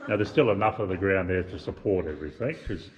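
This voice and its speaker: A man with an Australian accent guiding a tour through an underground mine tunnel, explaining things in a relaxed, joking way. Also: low voice, quick pace, highs cut off, a crowd in the background. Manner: easygoing, explanatory, jokey. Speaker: tour guide. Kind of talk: guided tour talk.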